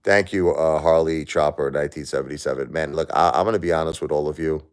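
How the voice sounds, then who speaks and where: A grieving man talking to his viewers on a live stream, halting and repeating himself. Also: a bass voice, fairly even intonation, clean tone. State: grieving, stressed. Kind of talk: emotional live-stream chat.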